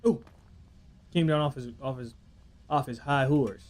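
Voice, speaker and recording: A man's voice: medium pitch, unhurried. A young man streaming a game, chatting casually, joking and swearing while he rambles and reacts to chat. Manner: rambling, profane, reads chat aloud and jokes. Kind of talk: casual live gameplay commentary.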